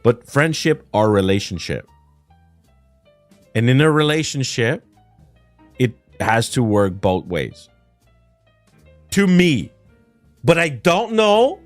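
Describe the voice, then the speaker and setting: A man's voice: medium pitch, big pitch swings, slow pace, pauses often, no echo, faint music behind. A man from Quebec whose first language is French, with a Quebec French accent, chatting casually on a livestream in a whiny, ranting way, laughing often and swearing. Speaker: streamer.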